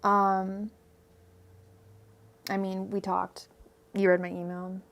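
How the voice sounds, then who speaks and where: Reading tarot for a casual livestream, a Californian-accented woman talks slowly in a monotone, medium-pitched voice with a slightly bright quality. Her delivery rambles, packed with fillers, restarts and laughs, and she uses her own microphone at home.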